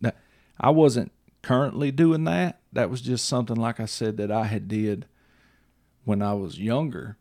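A man hosts a casual chat, rambling and repeating himself while asking "you see what I'm saying" to make sure the listener follows. His voice is medium in pitch at a normal speed, with a dark tone and clean studio sound free of echo.

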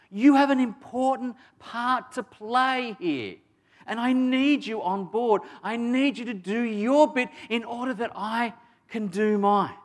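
A man's voice: high-pitched, in a large hall, pitched above the performer's own voice. A man preacher voicing a reassuring grown man who encourages a friend, speaking earnestly with rising emphasis.

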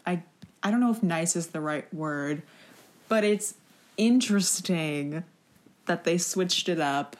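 A young woman in casual chat, recapping a movie with an animated, quick retelling and acted-out quotes. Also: lowish voice. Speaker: podcast co-host.

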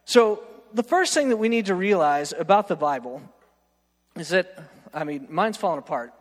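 A man preaching a storytelling sermon, animated and self-mocking, often checking in with "right?". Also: sits high, moderate pace. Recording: long reverb of a large hall.

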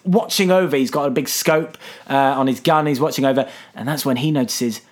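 Man, podcast co-host, animated film retelling, silly voices. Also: medium pitch, fairly quick. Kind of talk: casual chat.

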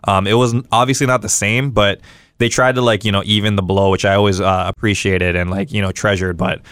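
A young man from Hawaii telling a story casually as a podcast guest, animated and full of fillers and quoted dialogue. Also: fairly low pitch, no room sound. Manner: fast, animated, lots of fillers and acted-out quotes. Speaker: guest streamer.

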